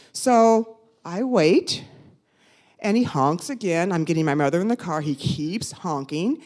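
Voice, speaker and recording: A woman in her fifties telling a personal story live, animated, conversational and self-mocking. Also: lowish voice, a little slow. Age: 50s.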